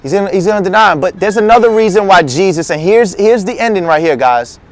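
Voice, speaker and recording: A male teaching pastor with a high, expressive voice preaches quickly in a loose, slangy, conversational sermon, slipping into acted-out quotes as he teaches. The recording is dry and close.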